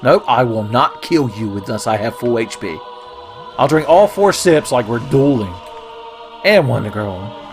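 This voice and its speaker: A man's voice: medium pitch, expressive, moderate pace, faint music behind. A man giving casual, sarcastic commentary over his own gameplay, swearing often and cracking jokes. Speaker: gaming video host.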